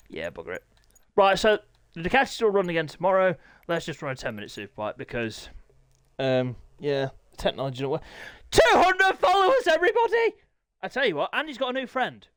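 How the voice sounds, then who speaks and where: Excitable high-voiced man commentating. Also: no echo. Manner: excitable, jokey, bursts into yelps and laughter. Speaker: race league host and streamer. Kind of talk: live race commentary and chat.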